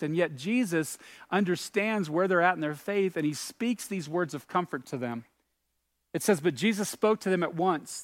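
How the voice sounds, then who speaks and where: A man's voice: high-pitched, lively intonation, normal speed, fairly bright tone, no echo. A man preaching a sermon as pastor, earnest and conversational, asking the listener questions and rising to emphatic peaks. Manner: earnest, builds to emphatic peaks on key phrases.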